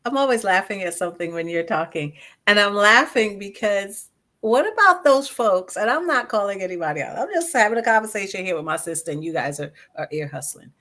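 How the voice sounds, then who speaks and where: A woman's voice: medium pitch, a little fast. A woman co-host with a Brooklyn accent, chatting casually and playfully. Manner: animated and playful, mimics people. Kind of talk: casual chat.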